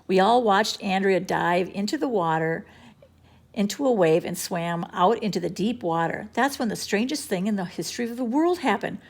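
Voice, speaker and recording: A woman's voice: medium pitch, lively intonation, moderate pace, gravelly. A woman reading a children's chapter book aloud in a playful, storytelling manner. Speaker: storybook reader.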